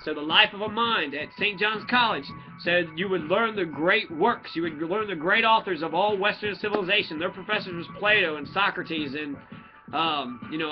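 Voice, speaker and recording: Man, fairly high voice, profane confrontational rant, muffled lo-fi audio, faint music behind. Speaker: student. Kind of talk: ranting monologue.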